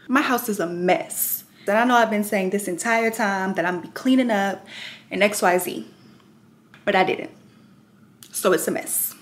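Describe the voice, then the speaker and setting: A young woman hosting a casual home vlog, talking straight to her viewers in a chatty, self-deprecating way. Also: medium pitch. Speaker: vlog host. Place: at home indoors. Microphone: handheld camera.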